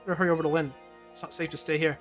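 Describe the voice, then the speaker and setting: A gaming streamer playing through a game and reading its lines aloud, with wry, deadpan asides. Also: mid-range voice, rapid-fire. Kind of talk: let's-play commentary and reading dialogue aloud. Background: faint game music.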